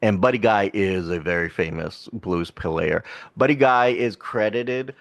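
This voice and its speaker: A man's voice: fairly low pitch, a little slow. A man co-hosting a podcast, casually retelling a film plot in a rambling way with laughs. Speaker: podcast co-host. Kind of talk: casual film review chat.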